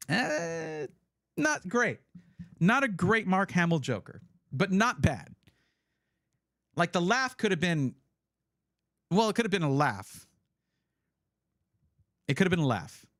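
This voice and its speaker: A man's voice: high voice, sing-song, takes it slowly, pauses often, fairly bright tone. A man hosting a casual livestream, chatty and rambling, often correcting himself as he talks. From United States. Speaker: livestream host.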